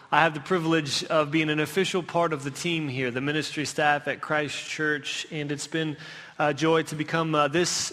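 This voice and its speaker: A man giving a humorous, storytelling sermon, joking and pulling the congregation in with questions. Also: sits high. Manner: animated, joking, pulls the audience in with questions. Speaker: preacher and professor. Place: church sanctuary. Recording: church hall reverb.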